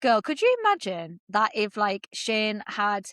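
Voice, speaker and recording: A young woman co-hosting a podcast, gushing and excitable as she recaps a TV episode and swears freely. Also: mid-range voice, unhurried, dry recording, clean studio sound. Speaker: podcast co-host. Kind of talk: casual chat recapping a TV episode.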